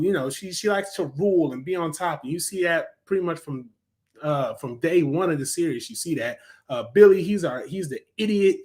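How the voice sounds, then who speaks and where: A young man with a slightly higher voice talks through a cartoon review in a loose, enthusiastic way. He fills his sentences with ums and often backs up to correct himself. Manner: chatty and enthusiastic, with frequent fillers and self-corrections. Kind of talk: casual spoken review.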